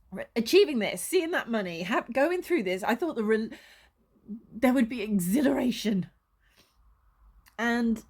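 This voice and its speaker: A woman, a spiritual coach, talking to camera in a casual vlog, passionate and emotional, laughing often and swearing freely. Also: a little high.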